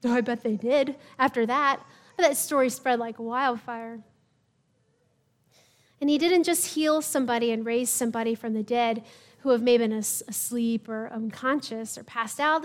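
A woman pastor delivers a sermon in a high, bright-pitched voice. She tells the story in a conversational way and slips into the voices of the people in it.

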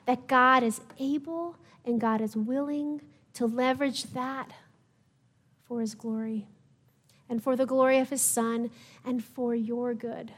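A woman pastor delivers a sermon in a high, bright-pitched voice. She tells the story in a conversational way and slips into the voices of the people in it.

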